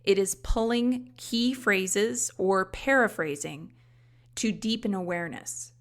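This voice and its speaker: A woman's voice: mid-range voice, slow. A woman hosting a podcast, explaining coaching skills in a conversational teaching manner with frequent casual asides. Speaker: life coach trainer and podcast host. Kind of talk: instructional podcast talk.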